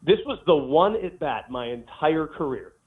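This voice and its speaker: A man's voice: on the high side, moderate pace. A former ballplayer, a man, telling stories in an interview from a golf course and acting out the quotes. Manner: animated storyteller, acts out quotes. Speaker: former baseball player guest. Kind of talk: casual interview storytelling. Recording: tinny phone line.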